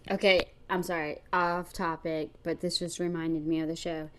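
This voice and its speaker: A woman with a slightly low voice chats casually to her viewers, rambling through stories. Her talk is loose and full of fillers. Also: little pitch movement, moderate pace, fairly bright tone. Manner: chatty, rambling, with frequent fillers like "like". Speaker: reaction vlogger.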